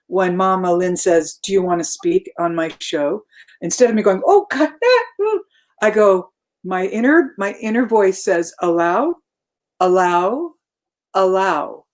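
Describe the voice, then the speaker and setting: Woman guest, reflective and animated, mid-pitched voice. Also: moderate pace. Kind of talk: casual conversation.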